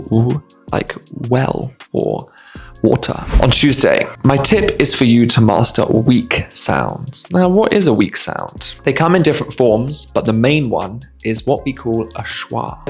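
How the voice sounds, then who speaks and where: A man giving a pronunciation lesson, slowly repeating and demonstrating sounds. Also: mid-range voice, gravelly. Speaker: English teacher.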